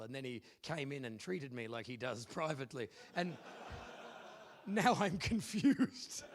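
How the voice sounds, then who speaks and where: An Australian man hosting a live comedy game show on stage, loud and playful, bantering with the crowd. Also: mid-range voice, sing-song, moderate pace. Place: live convention stage with audience.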